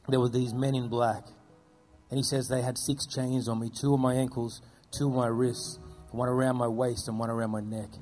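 A man telling earnest faith stories as an interview guest, dropping his voice low at solemn moments. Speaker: guest speaking about persecuted churches. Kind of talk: storytelling testimony.

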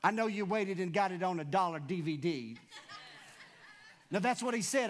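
A pastor preaching a sermon in a church, with emphatic repetition and questions to the congregation. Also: male voice, high voice, lively intonation, normal speed, pauses often. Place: church sanctuary.

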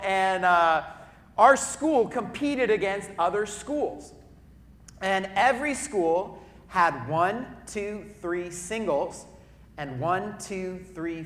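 High-voiced preacher in an echoey hall. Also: male voice. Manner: lively storytelling with audience asides, loud bursts when acting out cheering. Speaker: pastor. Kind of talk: sermon. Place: church auditorium.

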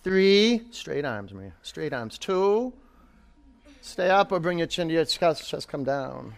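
A man's voice: fairly high pitch, lively intonation, unhurried, vocal fry. Man leading a yoga class, counting down. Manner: counts down poses, coaching and encouraging students by name. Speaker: yoga teacher. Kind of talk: instructing a live yoga class.

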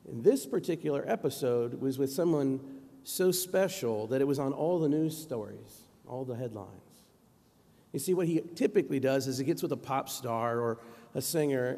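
A man preaching a sermon in a church sanctuary, telling stories in a relaxed, conversational way. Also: medium pitch. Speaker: pastor. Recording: long reverb of a church hall.

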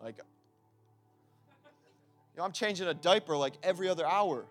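A man with a high voice preaches a sermon, keeping it loose and conversational, then pushing into loud, emphatic stretches. Soft music plays quietly behind him. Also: animated, normal speed.

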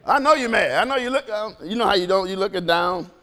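High-voiced joking preacher man, reverberant hall. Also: quick pace. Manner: animated, joking, often laughing. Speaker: pastor. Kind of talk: sermon. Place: church.

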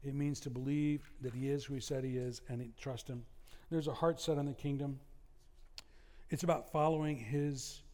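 A man preaching a sermon, conversational and lively, with asides and humor to the congregation. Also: mid-range voice, long reverb tail. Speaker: pastor.

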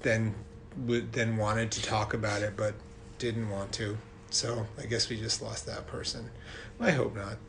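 A man co-hosting a podcast in casual chat, talkative and quick to laugh, reading out listener mail. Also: lowish voice, level tone, vocal fry, slight background noise. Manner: chatty, laughs easily, reads listener mail aloud. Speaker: podcast co-host.

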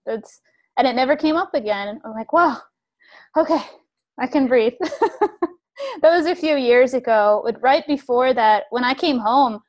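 A woman hosting a conversation, telling a personal story in an earnest, reflective way. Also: on the high side. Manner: earnest and reflective, with frequent restarts.

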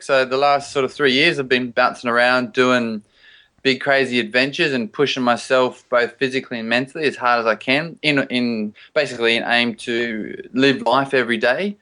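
Bright, easygoing Australian man, casual chat, web call. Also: mid-range voice, steady tone, normal speed. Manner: easygoing, laid-back, says mate. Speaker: guest, adventure athlete. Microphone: Skype call.

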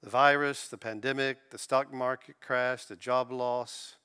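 Bright-voiced man preaching a sermon. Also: medium pitch, fairly even intonation, a little slow, smooth. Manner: earnest preaching with rising emphasis and soft drops. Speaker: pastor.

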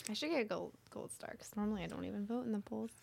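A woman with a mid-pitched, strongly gravelly voice chats casually with enthusiasm. She sounds upbeat in a relaxed group conversation. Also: racing. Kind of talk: casual chat.

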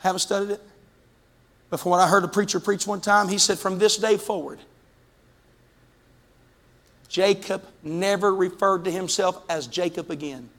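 A man preaching a fervent Pentecostal sermon, his voice pitched very high and ringing bright. He calls out to the congregation and climbs into shouts. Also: fairly even intonation, normal speed, long pauses. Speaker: pastor. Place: church sanctuary.

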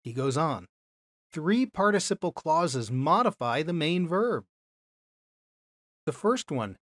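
Man, Bible teacher, fairly high voice, dry close sound, lecture style. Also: very animated, takes it slowly, dry recording. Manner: explanatory, checks in with "okay?". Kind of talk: classroom lecture.

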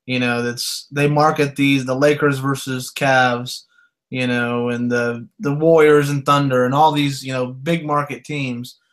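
Man co-host, mid-pitched, relaxed and teasing, steers the show. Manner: laid-back, joking, drawn-out fillers. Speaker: podcast co-host. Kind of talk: casual sports talk.

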